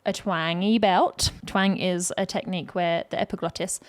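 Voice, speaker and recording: A woman's voice: on the low side, steady tone, normal speed. Playful female vocal coach. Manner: playful, demonstrates vocal sounds mid-explanation. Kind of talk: reaction video commentary.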